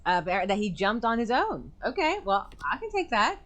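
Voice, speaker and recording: Young woman streamer talking thru a mystery game, chatty, thinking out loud. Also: fairly high pitch, moderate pace. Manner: chatty, thinking aloud, sudden excited outbursts. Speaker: gaming streamer. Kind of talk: let's play commentary.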